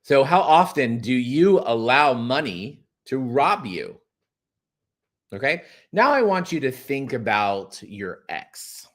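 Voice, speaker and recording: A man leading listeners through a guided spiritual exercise, talking expressively and slowing down to stretch his key words. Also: mid-range voice, sing-song. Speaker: course guide.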